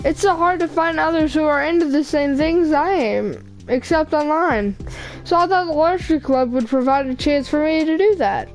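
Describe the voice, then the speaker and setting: A woman reading a visual novel aloud, voicing a shy, bookish teenage girl who talks haltingly and apologetically. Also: sits high, faint music behind, voice pushed up, poor audio. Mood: nervous. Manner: halting, apologetic, stumbles over words.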